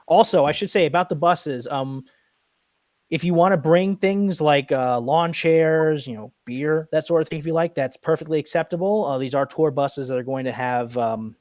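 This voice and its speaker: A man's voice: on the high side, normal speed, a little mellow, dry recording. A man organizing supporters' events, chatting casually with many fillers as he lays out practical plans. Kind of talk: casual chat.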